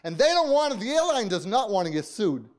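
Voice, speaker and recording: A man, a pastor, telling a story in a sermon, dropping to hushed asides, shouting prayers and laughing often. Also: sits high, very animated, brisk. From United States. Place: church service.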